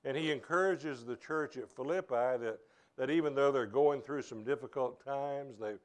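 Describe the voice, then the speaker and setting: Earnest male pastor preaching a sermon. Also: mid-range voice. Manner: earnest, halting, with many repeated starts. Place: church.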